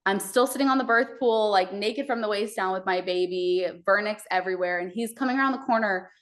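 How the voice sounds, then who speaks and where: A woman's voice: mid-range voice, fairly quick, a bit bright. A young woman from Texas, a podcast guest telling her birth story, with many hesitant fillers.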